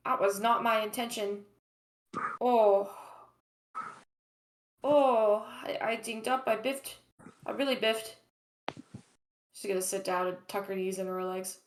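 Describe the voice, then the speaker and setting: A woman's voice: medium pitch, steady tone, takes it slowly, long pauses. A woman, a player in a tabletop game, sounding dismayed and full of groaning exclamations. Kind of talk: tabletop role-play chat.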